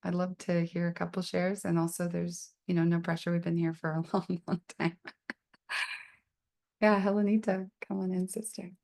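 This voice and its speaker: A woman hosting an online prayer circle on a video call, guiding gently and affectionately. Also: lowish voice, flat delivery, normal speed, gravelly. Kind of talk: guided spiritual circle, casual.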